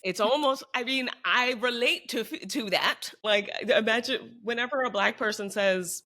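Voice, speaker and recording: A woman co-hosting a podcast in casual chat, lively and acting out quoted people. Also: moderate pace. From United States. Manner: animated, acts out quoted voices with big pitch jumps. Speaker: podcast co-host.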